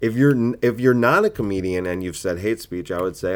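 A man's voice: fairly low pitch, expressive, brisk. A man, a comedian, arguing his point in a solo podcast monologue, full of rhetorical questions and fillers.

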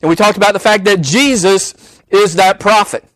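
A man preaches from the pulpit in a high, ringing voice. He leans on repeated phrases to drive each point home. The recording is dry and close, with almost no room. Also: moderate pace, a bit bright, no echo, rough recording. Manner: emphatic, repeating phrases for weight. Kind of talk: sermon.

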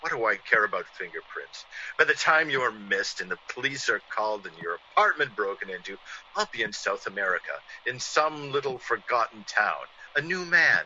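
An actor playing a vengeful, menacing ex-convict who sneers and gloats, in 1940s radio acting on a dull old radio recording. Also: male voice, lowish voice, very animated, normal speed, pushed and bright, slight background noise, heavily acted. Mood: gloating. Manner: sneering, theatrical villain with gloating laughs.

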